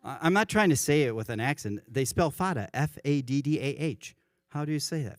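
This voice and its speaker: A man's voice: on the high side, animated, brisk, dry recording, studio quality. Conversational man giving a church sermon. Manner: conversational, self-correcting, chuckles at his own examples. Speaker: worship pastor. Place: church sanctuary.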